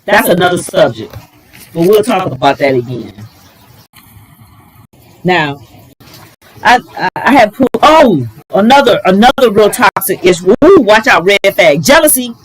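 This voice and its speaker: A middle-aged woman giving relationship advice in a casual, animated vlog, exclaiming and talking straight to her viewers. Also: medium pitch, a little slow, long pauses, breathy edge, rough recording. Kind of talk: casual advice talk to camera.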